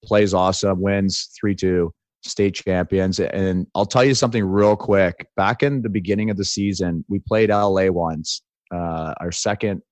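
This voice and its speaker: A man's voice: low-pitched, no room sound. A man in his forties co-hosting a podcast in casual, joking chat, telling stories and tagging lines with "right?". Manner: joking, storytelling, says "like" and "right?" often. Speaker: podcast co-host.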